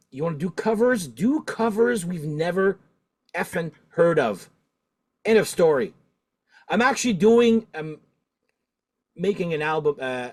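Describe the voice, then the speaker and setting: Middle-aged male host, talkative, laughs easily, casual chat. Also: on the high side. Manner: talkative, animated, laughs often. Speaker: podcast host.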